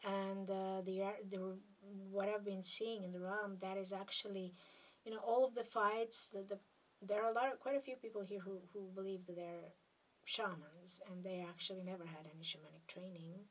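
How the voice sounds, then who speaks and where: A woman from Serbia with a Serbian accent, a spiritual healer talking to camera in a hesitant, halting way that keeps dropping into soft near-whispers. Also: medium pitch, fairly even intonation, distant mic. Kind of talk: casual monologue to camera.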